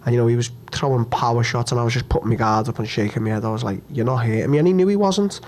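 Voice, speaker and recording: Fresh from a loss, a young man at a post-fight press conference talks in a middle-pitched, slightly mellow voice. He's hurt and upset, speaking bluntly and haltingly, cursing and going over the same points again.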